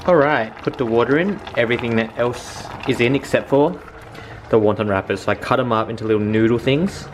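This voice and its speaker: A young man narrating a casual home cooking vlog in a chatty, excitable way, swearing freely. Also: mid-range voice, fairly quick, a little hiss or hum. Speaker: vlogger. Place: home kitchen.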